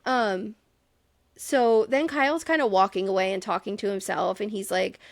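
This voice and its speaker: A woman co-hosting a podcast, recapping a reality show in casual chat, exasperated and profane, with quick asides. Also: mid-range voice, dry recording, studio quality. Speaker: podcast co-host.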